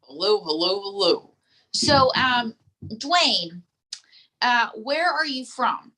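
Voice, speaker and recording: A woman's voice: on the high side, animated, unhurried, bright, forceful tone. A woman doing a stand-up ventriloquism act at a live comedy show, chatty with lots of "um" and "okay".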